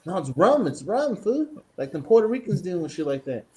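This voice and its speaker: A man co-hosting a podcast, telling profane, animated party stories in casual chat. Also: high voice, fairly quick. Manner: profane, animated anecdotes with acted-out quotes. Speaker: podcast co-host.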